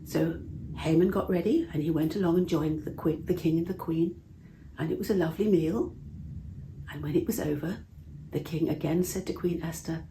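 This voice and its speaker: A woman telling a Bible story to children in a gentle way, asking her listeners questions. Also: low voice, moderate pace, slight background noise. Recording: roomy echo.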